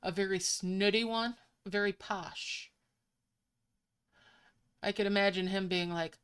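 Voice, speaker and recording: Slow, smooth-voiced woman chatting while gaming. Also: mid-range voice, steady tone, fairly bright tone. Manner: chatty, musing aloud while playing. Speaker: mobile game streamer. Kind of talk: casual gameplay commentary. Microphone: desk microphone.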